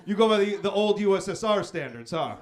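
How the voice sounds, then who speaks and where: Performing stand-up at a club, this man speaks in a high, animated voice at a brisk clip. His crowd work is profane and improvised as he needles the audience, and their laughter fills this live recording.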